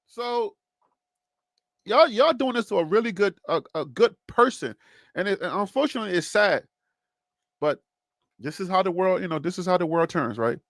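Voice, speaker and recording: High-voiced, animated sports talk host. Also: male voice, no room sound. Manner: animated, preachy, conversational, drawling asides to the listener. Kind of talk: opinionated sports commentary.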